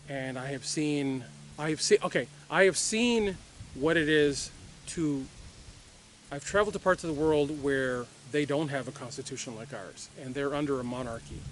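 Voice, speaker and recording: A middle-aged man from Puerto Rico who owns a firearms training company tells a personal story to the camera, rambling and reflective, with many fillers and restarts. His voice sits on the high side, moving at a moderate pace with a bit of brightness, and there's a little hiss or hum.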